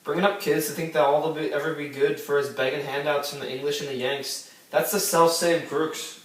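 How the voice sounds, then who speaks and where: A man playing a bitter, sharp-tongued middle-aged daughter in an amateur stage play, speaking with a scornful, sarcastic manner. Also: on the high side, little pitch movement, brisk, natural voice. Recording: echoey room, mic far off.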